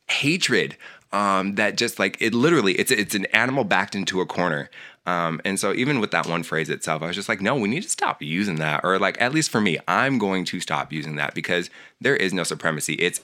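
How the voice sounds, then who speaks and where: A man's voice: deep voice, sharp tone. A man in a casual talk, ranting with heated passion and many filler words. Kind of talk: casual conversational rant.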